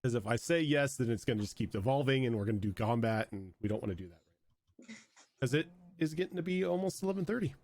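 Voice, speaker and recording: A man's voice: mid-range voice, lively intonation, fast talker, darkish tone, no room sound. A man hosting and running a tabletop game, wrapping up a session in casual, rambling chat. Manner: chatty, rambling with fillers. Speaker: game master and host.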